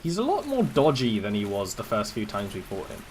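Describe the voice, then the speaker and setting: A man's voice: on the low side, wildly swooping pitch, fairly quick, a little mellow, slight background noise. A man with an English accent giving casual, rambling live commentary while playing a game and chatting with viewers. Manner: rambling, chatty asides to chat. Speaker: streamer.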